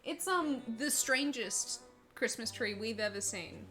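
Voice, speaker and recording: Australian woman streamer, young, higher voice, giggly and chatty. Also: measured pace, soft background music. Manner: playful, giggly, animated storytelling. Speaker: streamer, host. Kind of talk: casual gaming stream chat.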